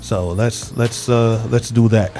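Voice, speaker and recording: A man's voice: medium pitch, steady tone, slow, music in the background. A man co-hosting a call-in radio show, talking casually and laid-back, often trailing off mid-phrase.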